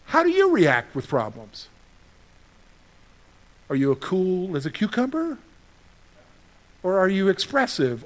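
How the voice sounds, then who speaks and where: A male pastor gives a conversational sermon in a fairly high voice. He throws questions at his listeners and answers them himself. His stories turn animated, with loud bursts of exclamation. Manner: animated storytelling with sudden loud outbursts.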